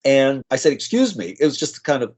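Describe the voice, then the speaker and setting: An American man, a nurse practitioner, telling animated stories as a podcast guest and acting out the people he quotes. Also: medium pitch, brisk, husky. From United States. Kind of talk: storytelling in an interview. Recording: slightly dull lo-fi audio.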